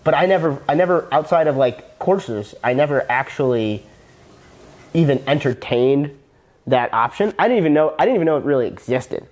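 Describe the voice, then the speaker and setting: A man's voice: fairly high pitch, expressive, normal speed, a little mellow. A young man, a former personal trainer who became a copywriter, talking casually as a podcast guest, earnest and rambling with many restarts.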